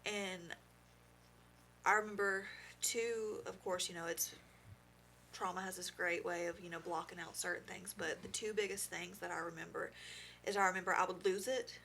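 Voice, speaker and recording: A young woman giving heartfelt personal testimony as a podcast guest, halting and full of fillers. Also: on the low side, steady tone, gravelly, sharp tone, slight background noise.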